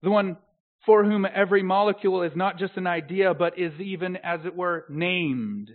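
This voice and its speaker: A pastor preaches, shifting between quiet, intimate phrases and loud, drawn-out declarations. His voice sits fairly high for a man. The recording is narrow and tinny, like a phone line. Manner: swells to loud emphatic proclamation, drops to soft intimacy. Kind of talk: sermon.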